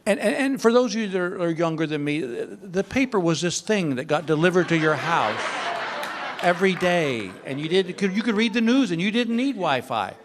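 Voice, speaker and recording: A man's voice: sits high, normal speed, background noise. An older man doing a stand-up comedy routine on a club stage, telling stories with mock exasperation. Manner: animated storytelling, mock exasperation.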